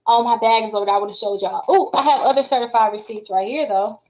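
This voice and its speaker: A woman giving casual live-stream credit repair advice, chatty and animated, talking straight to her viewers. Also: a little high, fast, rough recording.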